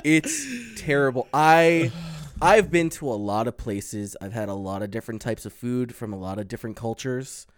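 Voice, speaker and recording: A man in casual chat, telling a drawn-out story and swearing freely. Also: mid-range voice, animated, dry recording.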